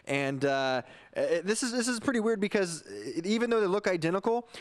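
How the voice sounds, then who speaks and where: A man's voice: high voice, lively intonation, fairly quick. A man reporting live for a TV news segment from inside a bug museum, chatty and laughing nervously. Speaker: field reporter.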